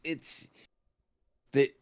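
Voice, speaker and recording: A man on a casual podcast chat who drops deadpan jokes and one-liners. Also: drawn-out words. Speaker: podcast co-host.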